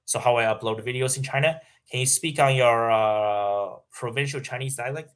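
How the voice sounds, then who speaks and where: A young man hosts a casual livestream, reading super chats and answering them off the cuff. His voice is mid-pitched, and his talk is halting, full of fillers and restarts. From Canada. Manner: halting, many fillers and restarts, laughs often. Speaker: livestream host.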